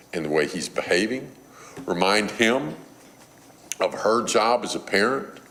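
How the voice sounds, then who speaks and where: A man's voice: sits low, fairly bright tone. A man preaching a sermon on parenting, telling a story and acting out a mother's scolding.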